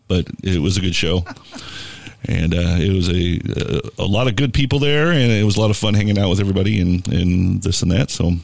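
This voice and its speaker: A man's voice: low-pitched, brisk, creaky, darkish tone, no room sound. A young man hosting a radio show, chatting casually with lots of fillers and restarts. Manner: rambling, filler-heavy, laughs often.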